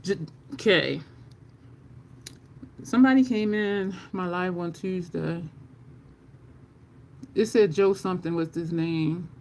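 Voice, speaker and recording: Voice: mid-range voice, slow, long pauses, a little mellow, a little hiss or hum. A makeup livestream host chatting casually with viewers while applying makeup, laughing often and cursing now and then in conversation.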